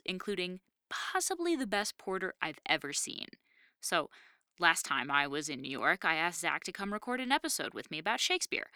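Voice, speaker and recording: A young woman hosts her podcast with an upbeat, enthusiastic read. Her voice is bright and crisp, on the lower side for a woman. The sound is dry and close. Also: no echo. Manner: enthusiastic, upbeat promotional delivery. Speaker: podcast host. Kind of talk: scripted podcast intro.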